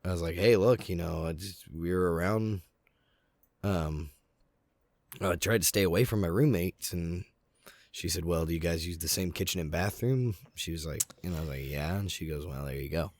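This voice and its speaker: A man's voice: low voice, normal speed, darkish tone, dry recording. A man co-hosting a podcast, telling a candid, rambling story in casual chat while getting over a sore throat. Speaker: podcast co-host. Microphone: podcast mic.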